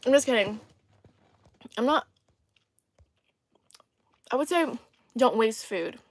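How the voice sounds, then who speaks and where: Young woman, China-born live-stream host, raised pitch, cheeky and playful, chatting over her meal on a phone mic. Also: expressive, takes it slowly, no echo. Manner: sassy, playful, teasing, laughs often. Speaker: livestream host. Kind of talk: casual live-stream chat while eating.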